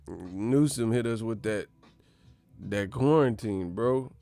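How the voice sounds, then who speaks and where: A man hosting a boxing channel, talking casually and excitably at home, profane and quick to laugh. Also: on the low side, no room sound. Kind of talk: casual commentary.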